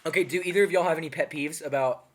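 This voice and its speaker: A man's voice: fairly high pitch, rapid-fire, slight background noise. A young man co-hosting a podcast, joking, laughing often and acting out voices while telling stories. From grew up abroad as a third culture kid. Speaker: podcast co-host. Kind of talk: casual chat.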